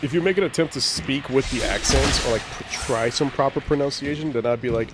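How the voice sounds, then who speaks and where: A man's voice: mid-range voice, fairly quick, hardly any pauses, background noise. A young man chatting casually on a gaming livestream, telling stories with lots of swearing and jokes. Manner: profane, joking storyteller. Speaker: gaming streamer.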